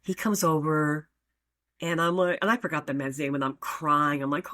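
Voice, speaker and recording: A middle-aged woman hosting a show, telling a personal story in a chatty, animated way with frequent ums and restarts. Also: sits low, normal speed. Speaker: podcast host. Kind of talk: casual storytelling.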